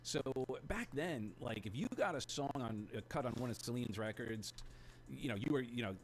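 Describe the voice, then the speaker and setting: A man being interviewed as a guest over a choppy remote call, telling stories in a relaxed, rambling way with fillers. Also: mid-range voice, normal speed, a little hiss or hum. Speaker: guest, music producer. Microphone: remote video call link, choppy.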